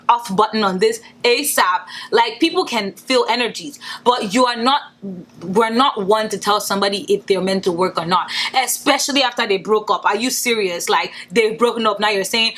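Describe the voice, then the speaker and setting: A young woman from Nigeria talking straight to camera in a casual, profane, animated commentary vlog. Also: mid-range voice. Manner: blunt, profane, animated rants with mocking put-on quotes. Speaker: beauty vlogger.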